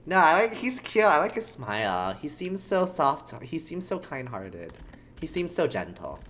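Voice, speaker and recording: Chatty, giggly streamer with lively pitch. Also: a little slow, slight background noise. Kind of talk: casual game commentary.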